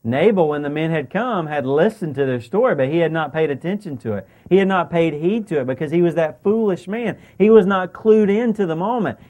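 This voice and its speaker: A high-voiced man delivering a sermon. He retells the story lively, slipping into the characters' lines and tossing questions to the congregation. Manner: animated, acts out the characters' lines in paraphrase. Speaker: pastor.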